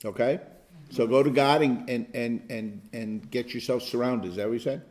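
A male pastor teaching an interactive Bible study, emphatic and animated, at times bursting into loud exclamations. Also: mid-range voice, moderate pace.

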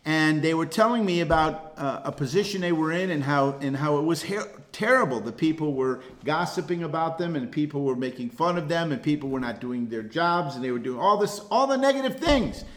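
A man leading a relaxed Bible study. His voice sits a little higher than most men's, and he speaks with plain conviction, often stumbling over and repeating a word before pressing on. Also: brisk, hardly any pauses. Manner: earnest, repeats words when thinking. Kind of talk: casual Bible class teaching.

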